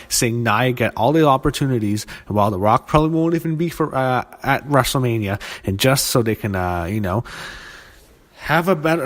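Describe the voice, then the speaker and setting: A man reviewing a wrestling show in a casual, unscripted way, ranting angrily and with lots of swearing, often stumbling over fillers and restarts. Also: mid-range voice. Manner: angry profane ranting; halting, full of fillers and restarts. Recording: long reverb.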